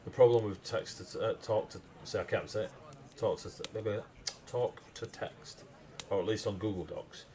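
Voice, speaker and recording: A man's voice: on the low side, moderate pace, a little mellow. A man with a Northern English accent, chatting loosely on a livestream while he writes game lore, rambling and losing his thread. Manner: rambling, loses his train of thought, self-mocking. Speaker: stream host writing game lore. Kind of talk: casual livestream chat.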